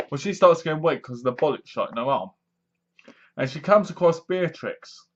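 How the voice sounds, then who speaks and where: A man's voice: a little high, lively intonation, moderate pace, a bit bright, muffled recording. A man reviewing a horror film, retelling the plot with acted-out reactions and sound effects. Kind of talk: casual film review monologue.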